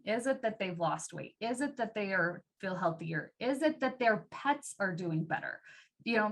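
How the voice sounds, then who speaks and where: A woman's voice: a little high, fairly bright tone. A woman giving a casual sales training talk, chatty and full of "like" fillers. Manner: chatty, uses many "like" fillers, acts out customer voices. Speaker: team trainer.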